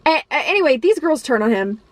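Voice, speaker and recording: High-voiced woman ranting about a movie. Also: big pitch swings, brisk, no room sound. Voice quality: profane, exasperated, laughs often. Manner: rambling with many fillers and restarts. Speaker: movie reviewer. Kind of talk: casual ranting movie review.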